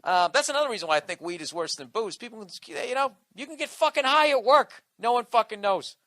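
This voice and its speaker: A man's voice: very high-pitched, lively intonation, fast talker, sharp tone, dry recording. Profane, combative male comedian ranting. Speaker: comedian podcast host. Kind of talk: comedic rant.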